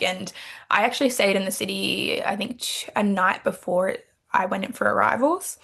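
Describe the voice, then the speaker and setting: A young woman from Australia talks casually as an interview guest. She tells her story with animated energy, acting out her own past thoughts in quotes. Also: mid-range voice, moderate pace, creaky, slightly rough. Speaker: pageant titleholder guest.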